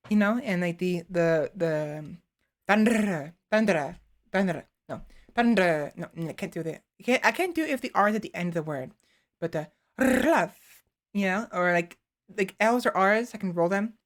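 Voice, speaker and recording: A woman's voice: lowish voice, animated, moderate pace. A young woman streamer chatting casually, rambling with many fillers and restarts while playing around with her voice. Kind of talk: casual chat.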